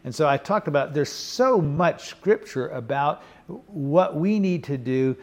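An older pastor preaches a sermon in an earnest, conversational style, often checking in with the congregation through "okay?" and "you know." His voice is fairly high-pitched and expressive, and he speaks a little slowly.

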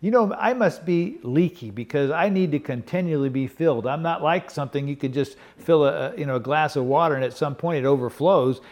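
Brisk, with few pauses, this older man preaches in a fairly high, slightly mellow voice. As a pastor he keeps the sermon earnest and conversational, frequently checking in with "okay?" and "you know."

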